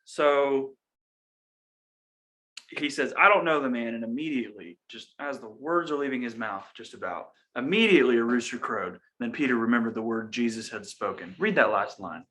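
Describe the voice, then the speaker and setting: Young man, bright tone, casual Bible chat, joking, reads verses aloud. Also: mid-range voice, expressive, normal speed. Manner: joking, reads scripture aloud between banter. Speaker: podcast co-host.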